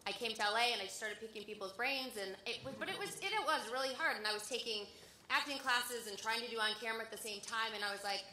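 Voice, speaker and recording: A woman's voice: on the high side, fast talker, sharp tone, slight background noise. Female voice actress from Michigan, chatty panelist, echoey hall. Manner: chatty, earnest. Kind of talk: convention panel chat.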